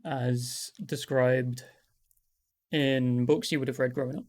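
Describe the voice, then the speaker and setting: Here a male game master narrates a tabletop game, easygoing and heavy on filler words as he describes the scenes. His pitch is medium and his delivery slow.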